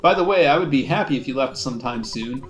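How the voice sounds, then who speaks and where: A man's voice: mid-range voice, expressive, fast talker, soft background music, natural voice. A man reading the lines of a smug, self-pitying neighbor father in a game. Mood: complaining.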